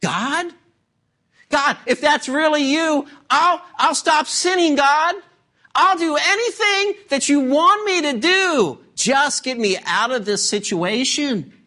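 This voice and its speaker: A preacher voicing a panicked man hanging from a cliff branch, yelling for help in a much higher, louder voice. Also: wildly swooping pitch, normal speed, hardly any pauses, full character voice. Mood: frantic. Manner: frantic yelling.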